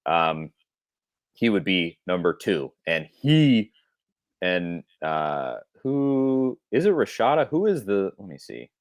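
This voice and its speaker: Podcast co-host, man, low voice, casual rambling delivery, dry room. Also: very animated, slow, no echo. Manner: rambling, thinks aloud, restarts often. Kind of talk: casual sports talk.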